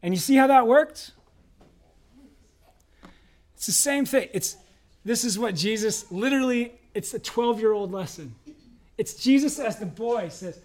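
A man's voice: very high-pitched, animated, unhurried, long pauses, darkish tone. A male pastor preaching a conversational sermon, asking the congregation questions and acting out quoted voices.

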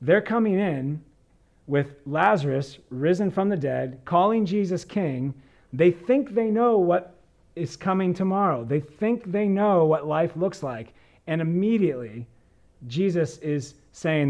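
A man's voice: on the high side, lively intonation, unhurried, darkish tone, muffled recording. A man preaching as a pastor, reading scripture and talking through it in an earnest conversational sermon.

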